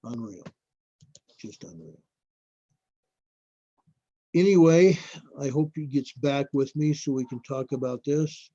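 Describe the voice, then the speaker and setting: A man hosting a casual live stream, talking viewers through earthquake reports in a rambling, unhurried way and calling them folks. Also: a little high, warm tone, no room sound. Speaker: livestream host. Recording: dull lo-fi dry stream audio.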